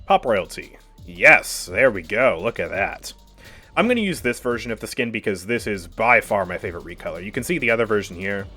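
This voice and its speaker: Lively, chatty male game streamer. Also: lowish voice, a little fast, slightly rough, faint music behind. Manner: casual, chatty, laughs often, talks to chat. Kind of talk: live gameplay commentary.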